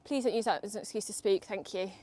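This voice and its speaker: A young woman with a mid-range voice talks fast while vlogging from her horse in an outdoor riding arena, chattily and nervously addressing both the horse and her viewers. Background noise can be heard.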